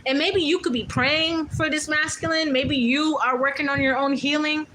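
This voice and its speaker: A woman's voice: sits high, steady tone, moderate pace, sharp tone, slight background noise, poor audio. A woman doing a casual tarot reading, talking bluntly and loosely, with profanity and many fillers. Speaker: tarot reader.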